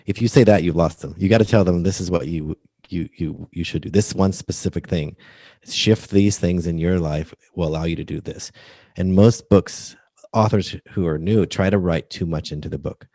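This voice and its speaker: A low, mellow male voice at a moderate pace, recorded clean in a studio with no echo. He's a book coach appearing as a guest on a podcast interview, earnestly explaining how books should lead readers to one step.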